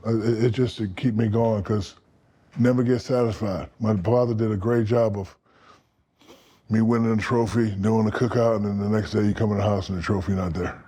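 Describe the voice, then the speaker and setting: A man in his fifties, a podcast guest, telling animated, profane stories and acting out quoted lines. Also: on the low side, slightly rough. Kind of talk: storytelling in casual interview.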